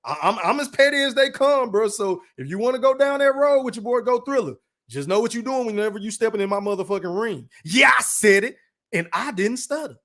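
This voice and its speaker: A man hosting a live podcast stream, reading viewer chat aloud and shouting out supporters in a boastful, profane manner. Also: very high voice, expressive, quick pace, few pauses. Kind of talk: casual livestream chat.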